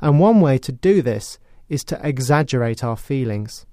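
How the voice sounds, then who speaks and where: A British man presenting a scripted English lesson, explaining clearly in a measured way. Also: medium pitch, lively intonation, mellow, no room sound, clean studio sound. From Britain. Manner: clear, measured, explanatory, with acted sarcastic example lines. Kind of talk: scripted educational narration.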